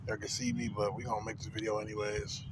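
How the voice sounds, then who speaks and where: Man ranting profanely over loud vehicle noise. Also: on the low side, little pitch movement, fast talker. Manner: profane, rambling street storytelling, heavy filler words. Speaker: vlogger. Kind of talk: casual rant to camera. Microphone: phone camera.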